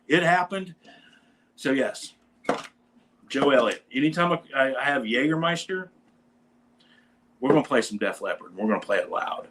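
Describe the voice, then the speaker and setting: A man with a voice a touch higher than most, telling a long story as a guest on a talk show. He keeps it casual and animated and slips into the voices of the people in it. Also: moderate pace, pauses often. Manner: animated storyteller who acts out quoted lines.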